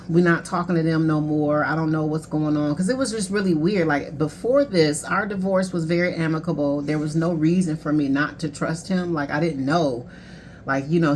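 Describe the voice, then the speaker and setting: Low-voiced woman telling her story. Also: a little hiss or hum. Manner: candid, conversational, emotional, quoting others. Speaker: life coach. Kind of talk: personal storytelling.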